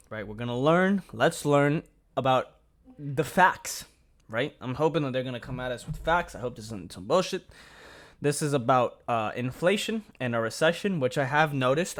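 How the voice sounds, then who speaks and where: A man hosting a reaction channel, chatting casually, swearing often and thinking out loud. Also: mid-range voice, normal speed. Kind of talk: casual video reaction commentary.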